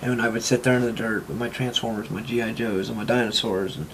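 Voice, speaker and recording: Young guy gushing in an interview, talks super fast, lots of restarts. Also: on the low side, a little hiss or hum. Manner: excitable, quick, rambling with many restarts. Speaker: interviewee, toy collector. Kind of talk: casual interview chat.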